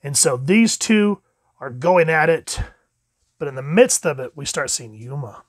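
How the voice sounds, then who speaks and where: A man's voice: expressive, a little slow, slightly rough, dry recording, studio quality. Chatty man reviewing comics. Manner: chatty, acts out quotes with jumps in pitch. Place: home room with dogs.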